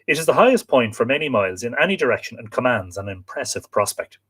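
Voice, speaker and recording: Irish man, live stream host, reads aloud, spells names, chats with viewers, middle pitch. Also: sing-song, quick pace, a bit bright, slightly rough. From Ireland. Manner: spells out place names letter by letter, chatty asides to viewers. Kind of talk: live-stream book reading with asides.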